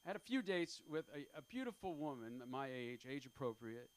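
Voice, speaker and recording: Onstage at a comedy club's open mic, a fifty-something man delivers stand-up in a medium-pitched voice full of big pitch swings. He's rambling and self-deprecating, often stalling with fillers.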